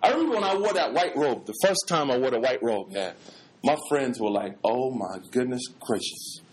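Animated American imam, slangy and lively. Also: male voice, mid-range voice, brisk, slight background noise. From United States. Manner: lively, slangy street talk mixed with scholarly terms. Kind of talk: animated religious lecture.

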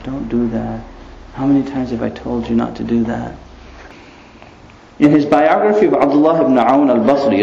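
A man giving an animated religious lecture, often asking rhetorical questions and chuckling, in a roomy, slightly dull recording. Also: medium pitch. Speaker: Islamic preacher.

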